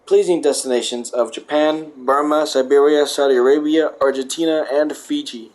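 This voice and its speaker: A man's voice: fairly high pitch, steady tone, normal speed, a little mellow. A man casually reading aloud, stumbling and correcting himself, and adding wry joking asides. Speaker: vlogger.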